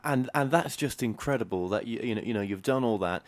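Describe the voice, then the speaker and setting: Male interviewer, mid-range voice, halting and fumbling questions. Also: mid-range voice. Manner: halting, stumbling questions with repeated words. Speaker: interview host. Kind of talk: conversational interview.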